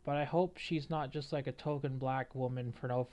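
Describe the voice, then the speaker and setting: A man's voice: medium pitch, fairly even intonation, fairly quick, darkish tone. A man giving an opinionated reaction commentary on a game, rambling with many fillers. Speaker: gaming video creator.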